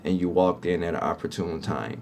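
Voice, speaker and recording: Low, brisk, and creaky with a darkish tone, this man's voice comes through slight background noise. As a cleaning-business owner teaching sales to peers, he talks to viewers informally about contracts and regularly says "right?".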